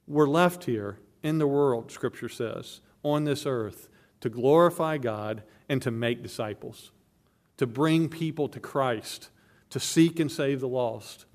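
A man's voice: mid-range voice, slow pace, darkish tone. A man preaching a sermon from the pulpit, emphatic and earnest, often restarting his phrases. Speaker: pastor.

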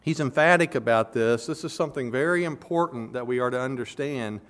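Earnest male preacher with swelling emphasis. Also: fairly quick. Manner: earnest preaching, voice swelling loud on key words then dropping low. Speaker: pastor. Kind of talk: expository sermon.

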